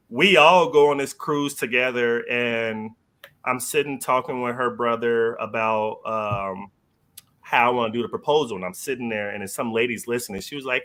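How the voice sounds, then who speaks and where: A man with a bright, forward voice spins a personal story as a podcast guest. He talks loosely and casually, full of fillers and quick laughs, at an everyday pitch. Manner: loose and slangy, heavy on fillers, laughs while telling.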